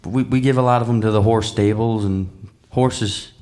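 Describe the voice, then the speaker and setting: A man, a singer-songwriter chatting and telling relaxed, laughing stories between songs at a small live venue. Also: on the low side, normal speed. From Newfoundland, Canada.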